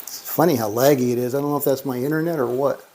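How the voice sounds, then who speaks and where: A gambling vlogger at a casino's electronic craps machine keeps up a casual running commentary as he plays, calling out every dice roll and muttering mild curses. His voice is medium-pitched, steady and dark-toned, and he talks fast.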